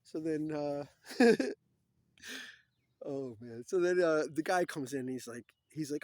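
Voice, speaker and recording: A man's voice: a little high, fairly quick, a little mellow, dry recording. A man casually retelling old cartoon scenes, acting out the characters' lines and chuckling at his own jokes. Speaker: storyteller. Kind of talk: casual rambling monologue.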